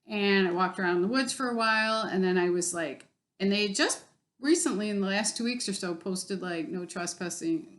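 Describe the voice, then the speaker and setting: A woman in a casual vlog, talking bluntly and with plenty of profanity. She sounds exasperated and fed up as she tells her story, pitched at a middling level. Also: normal speed, a bit bright. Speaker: vlogger.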